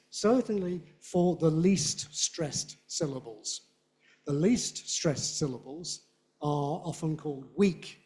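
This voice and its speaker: Man, Southern British accent, middle-aged, university lecturer, playful, sounds out examples, slightly high pitch. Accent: Southern British English. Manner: animated, playful, demonstrates sounds aloud. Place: lecture hall.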